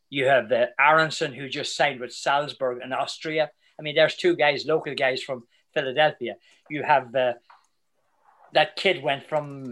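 An older Irish man, a soccer commentator, chatting as a guest in an interview in a chatty, storytelling way. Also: mid-range voice. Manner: chatty storyteller, animated, quick asides. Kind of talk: casual interview chat.

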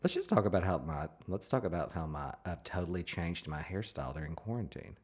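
A man's voice: low voice, expressive, brisk, husky. A man co-hosting a podcast, chatting casually in a playful, rambling, self-mocking way. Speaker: podcast co-host. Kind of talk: casual banter. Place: Nashville.

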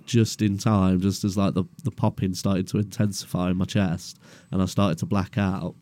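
A man's voice: sits low, little pitch movement, normal speed, dark tone. A young man in a garage, telling a story as podcast co-host in a laid-back, sweary way and laughing along. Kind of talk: casual storytelling chat.

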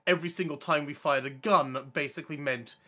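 A man's voice: on the high side, fairly quick, bright, forceful tone. A man co-hosting a casual gaming chat, telling a long, rambling, enthusiastic story with lots of restarts. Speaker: podcast co-host.

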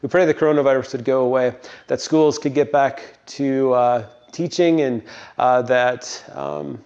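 An older man from Colorado delivers a devotional talk that ends in prayer. He speaks in an unhurried, meandering way, pausing often. His voice sits at an ordinary middle pitch, and the recording sounds dull and lo-fi. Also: fairly even intonation, vocal fry, a little mellow. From Colorado, United States. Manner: meandering, unhurried storytelling with frequent pauses. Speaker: Christian speaker.

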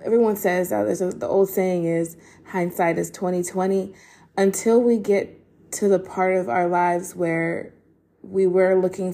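An emotional young woman on the edge of tears gives heartfelt encouragement as a podcast host. Her voice is low-toned, mellow and gravelly with vocal fry. She talks in a casual, earnest way, full of ums and restarts. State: emotional, holding back tears. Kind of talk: casual faith-based encouragement talk.

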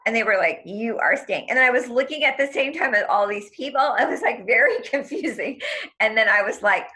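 A woman's voice: mid-range voice, pushed and bright. A young woman telling an intense personal story in an interview, emotional and tumbling, full of "like" and acted-out quotes. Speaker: guest.

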